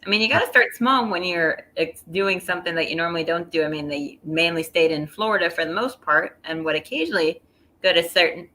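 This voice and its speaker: A woman's voice: lowish voice, animated, brisk, sharp tone. A woman co-hosting a casual wrestling review stream, adding dry, wry asides and wordplay. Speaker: wrestling review show co-host. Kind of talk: casual live-stream chat.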